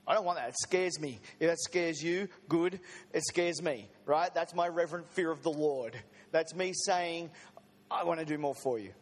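High-voiced man preaching in a reverberant hall. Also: normal speed. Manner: conversational, with joking asides to the congregation. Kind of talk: sermon. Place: church service.

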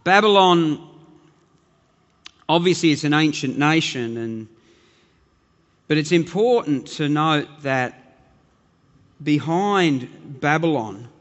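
A man's voice: a little high, animated, slow, pauses often, in a large hall, muffled recording. A man preaching a sermon as pastor, earnest and emphatic, often repeating words as he builds his point.

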